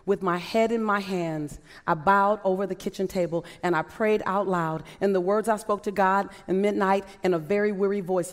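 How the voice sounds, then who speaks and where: A woman's voice: mid-range voice, fairly even intonation, moderate pace, few pauses. A woman giving an inspirational speech to a live audience, firing off impassioned rhetorical questions. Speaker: motivational speaker. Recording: long reverb of a large hall.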